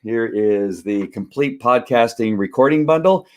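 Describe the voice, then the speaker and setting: A man's voice: medium pitch, lively intonation, measured pace. A man in his home studio, rambling casually with many fillers while unboxing a gift on a live stream, a little out of breath.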